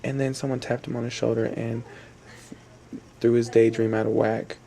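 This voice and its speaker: A young man tells a story, circling back and repeating himself. His voice is gravelly and mellow, and he speaks in a flat, level tone. A faint background noise sits under it. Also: medium pitch, moderate pace. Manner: rambling, repetitive, with fillers and restarts. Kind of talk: spoken storytelling.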